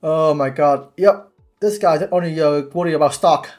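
A man giving casual commentary while watching a series, excitable and halting with many restarts. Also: fairly high pitch, faint music behind. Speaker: YouTube reactor.

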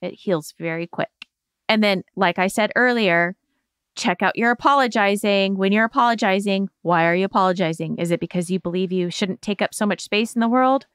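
A woman hosting a self-help show, explaining a healing exercise in a gentle, reassuring coaching tone. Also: medium pitch, brisk, smooth, no room sound, clean studio sound. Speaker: podcast host giving therapy advice.

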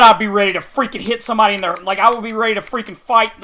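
A man giving raging gameplay commentary, ranting furiously, yelling insults and repeating himself. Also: high-pitched, fairly even intonation, very fast. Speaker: video game streamer.

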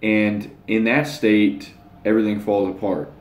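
A man's voice: lowish voice, flat delivery, unhurried. Blunt young man ranting in echoey room. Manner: blunt, rambling, with crude slang. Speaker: channel host. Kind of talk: casual monologue to camera.

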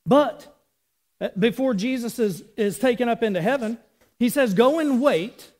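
High-voiced casual man preaching. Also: moderate pace, a little mellow. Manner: casual, chatty preaching with asides and laughs. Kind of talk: sermon.

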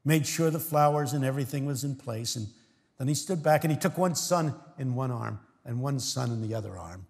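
An older American man preaching a sermon, telling stories with sudden swings from hushed words to shouts and acting out voices of his congregation. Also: mid-range voice, brisk, vocal fry. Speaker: guest preacher. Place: large church. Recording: long reverb of a large church hall.

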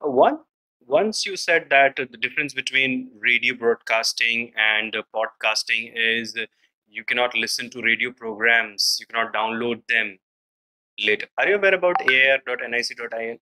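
A man's voice: medium pitch, normal speed, pushed and bright, rough recording. A man with an Indian accent giving direct feedback as an interview panelist, switching between Hindi and English.

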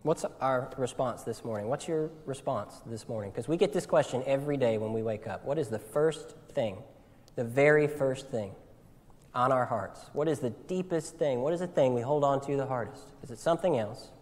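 A man preaching a sermon in earnest, often repeating his words as he swings between loud appeals and hushed, tender lines. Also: medium pitch, normal speed. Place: church sanctuary. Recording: long church hall reverb.

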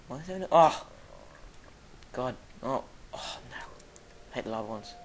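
A young gamer mutters quietly to themselves during gameplay and breaks into loud yells and shrieks at enemies. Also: mid-range voice, expressive, unhurried, pauses often. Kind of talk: gameplay commentary.

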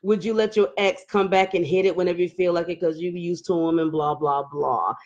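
A woman's voice: lowish voice, a little fast, lo-fi sound. A middle-aged woman, hosting a casual live stream, reading viewer comments, laughing and talking with emotional outbursts. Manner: animated, laughing, emotional outbursts, Southern Black vernacular phrasing.

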